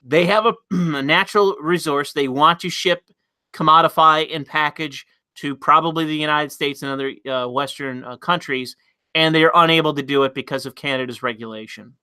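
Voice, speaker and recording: A man's voice: a little high, moderate pace, bright, forceful tone, clean tone, dry recording. A man hosting a casual livestream, reading chat messages aloud and commenting bluntly, with frequent fillers and restarts.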